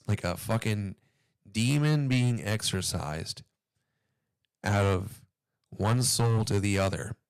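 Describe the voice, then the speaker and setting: Hoarse man in a profane, furious rant. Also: on the low side, no room sound, clean studio sound. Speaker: commentary video host. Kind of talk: reaction commentary.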